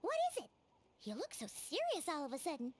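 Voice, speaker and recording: A woman's voice: high-pitched, wildly swooping pitch, fairly quick. A woman voicing a tiny, chatty, childlike female floating companion in a game, curious and referring to herself by name. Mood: curious chirpy. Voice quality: bright childlike voice. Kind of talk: game voice acting.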